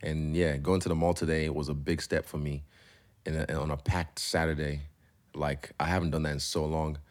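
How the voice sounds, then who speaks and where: A man's voice: a bass voice, flat delivery, normal speed. A man, a professional fighter, speaking as an interview guest in a loose, rambling, candid way and swearing freely. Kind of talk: candid casual conversation.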